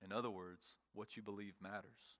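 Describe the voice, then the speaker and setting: A man's voice: lowish voice, steady tone, a bit bright. Emphatic male preacher in a church. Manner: emphatic preaching with pauses and repetitions. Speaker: pastor. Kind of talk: sermon.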